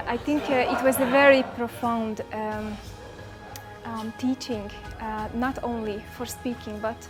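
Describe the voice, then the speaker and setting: A woman's voice: a little high, steady tone, a little slow, over music. A woman giving a workshop testimonial, hesitant with many fillers. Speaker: workshop participant.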